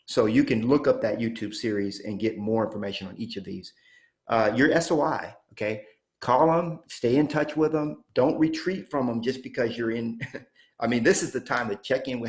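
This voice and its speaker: A man in his fifties giving an energetic real estate coaching talk, punching points and checking in with "okay?". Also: mid-range voice, normal speed. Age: 50s. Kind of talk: motivational training talk.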